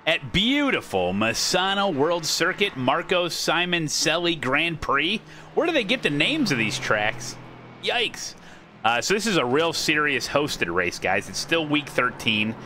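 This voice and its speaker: American man, sim racing streamer, bright and animated, jokey live commentary. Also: fairly high pitch, measured pace, slight background noise. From United States. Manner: joking, chatty, thanks viewers mid-race. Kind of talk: casual gameplay commentary.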